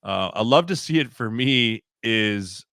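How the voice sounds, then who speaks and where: A former football player as a podcast guest, talking in a laid-back casual way with lots of "like". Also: male voice, on the low side, expressive, unhurried, gravelly, pushed and bright, clean tone, no room sound, studio quality. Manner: laid-back, says "like" often. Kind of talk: casual sports chat.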